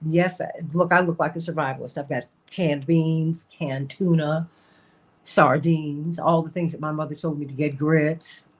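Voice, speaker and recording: A woman's voice: low-pitched, steady tone, a little slow. A woman hosting a talk show, talking casually and emphatically, repeating her points and laughing often.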